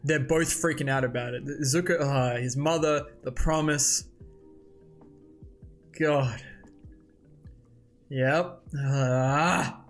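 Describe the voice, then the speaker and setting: A man hosting a casual comic read-along, reacting excitedly and thinking aloud as he goes. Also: medium pitch, takes it slowly, long pauses, soft background music. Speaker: host.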